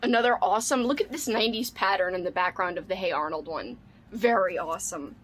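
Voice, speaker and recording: A woman's voice: medium pitch, fast. A young woman book vlogger unboxing mail in casual chat, gushing and squealing with delight, saying "like" and "oh my god" often.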